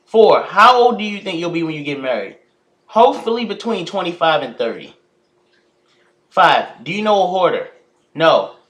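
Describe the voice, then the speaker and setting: A teenage man from the United States, reading out questions and answering them in a casual vlog, pausing often to think. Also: a little high, sing-song, fairly bright tone. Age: teens. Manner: reads each question aloud, then answers with frequent hesitations. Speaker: YouTuber.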